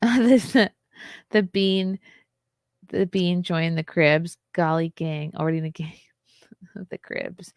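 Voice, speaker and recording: A woman's voice: lowish voice, fairly even intonation, takes it slowly, long pauses, a little mellow, smooth, dry recording, studio quality. A woman hosting a casual livestream, candid and chatty, often laughing and reading viewer comments aloud. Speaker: livestream host.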